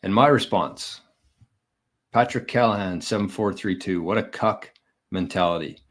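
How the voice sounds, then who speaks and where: Blunt, combative low-voiced man. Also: moderate pace. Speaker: bitcoin vlogger. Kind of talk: daily vlog commentary.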